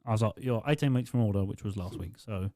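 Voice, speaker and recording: A man's voice: fairly low pitch, fast talker, no echo, clean studio sound. A young man co-hosting a podcast, telling work stories with lots of swearing and mocking impressions of customers. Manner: sweary, animated, mimics customers. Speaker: podcast co-host. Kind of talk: casual storytelling chat. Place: small studio.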